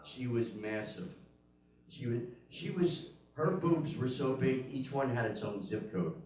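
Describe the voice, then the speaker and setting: A man's voice: mid-range voice, expressive, measured pace, darkish tone. An older man doing a stand-up comedy routine, telling punchy stories and acting out the voices of the people in them. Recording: very echoey room, mic at a distance.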